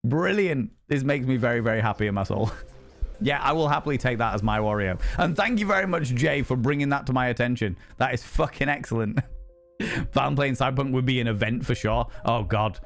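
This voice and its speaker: A man's voice: mid-range voice, animated, brisk, creaky. A man live-streaming in casual chat, laughing often and swearing freely.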